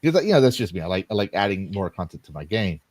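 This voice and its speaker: A man's voice: deep voice, big pitch swings, fast talker, darkish tone, no room sound. A man hosting a casual livestream chat, rambling along and reading out viewer donations between stories. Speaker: stream host.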